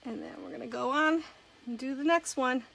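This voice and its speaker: A woman's voice: high voice, moderate pace, vocal fry, a bit bright, low-quality recording. A woman giving a chatty live crafting demonstration, walking through each step and greeting viewers as she works. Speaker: craft demonstrator and direct sales consultant.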